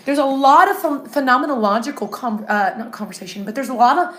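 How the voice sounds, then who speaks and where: A middle-aged woman with a fairly high voice co-hosts a morning devotional in a roomy, echoing space. She chats in a playful, cheeky way and slows down when reading scripture aloud. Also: fairly bright tone. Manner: playful, self-described cheeky, reads scripture slowly. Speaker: devotional co-host. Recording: echoey room.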